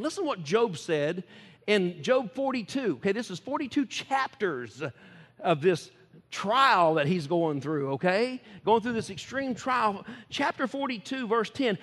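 A man preaching a sermon in a folksy, chuckling way, swinging between loud exclamations and quiet asides. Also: high voice, in a large hall. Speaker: pastor.

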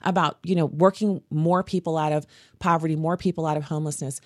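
A woman hosting a faith podcast, telling stories in an animated, earnest way. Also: low-pitched, quick pace, dry recording, studio quality. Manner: animated, earnest storytelling with laughs. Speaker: podcast host. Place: home studio.

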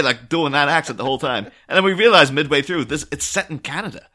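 A man talking films in a loose podcast chat. His voice is bright and forceful, and he gets animated easily. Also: fairly high pitch, fast talker, few pauses. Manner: animated, slips into silly impressions. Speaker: podcast co-host. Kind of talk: casual chat.

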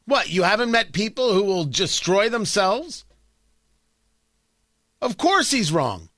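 A man's voice: sits high, big pitch swings, slow pace, fairly bright tone, no echo, clean studio sound. A male talk radio host delivering a sarcastic, ranting opinion monologue.

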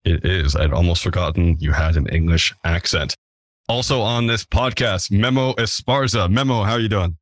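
A man hosts a casual podcast with a low-pitched voice and a playful, jokey delivery. The sound is dry and close, with no room around it. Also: normal speed, no echo. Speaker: podcast host.

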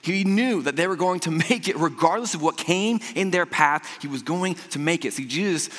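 A young man preaching a casual, storytelling sermon as a youth pastor, chatty and animated, laughing often and stumbling over repeated words. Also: on the high side, normal speed. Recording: long hall reverb.

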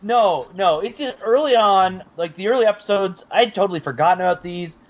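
Man, podcast co-host, fairly high and animated, joking; faint hiss. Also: brisk, dull audio. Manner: lively, joking. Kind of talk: casual chat.

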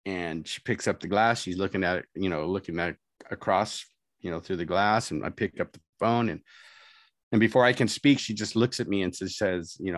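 A man's voice: low voice, moderate pace, no echo, studio quality. A middle-aged man from Southern California telling his life story in a casual, candid way, laughing at himself and acting out what others said. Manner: candid, self-mocking, laughs often, quotes others.

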